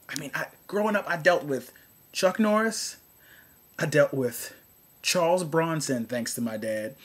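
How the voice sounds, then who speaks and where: A man with a mid-range voice rants casually to camera, rambling and sarcastic. He starts sentences over and over, drops to low mutters, then jumps to high, exasperated outbursts. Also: a bit bright. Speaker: vlogger. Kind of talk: casual opinion rant to camera.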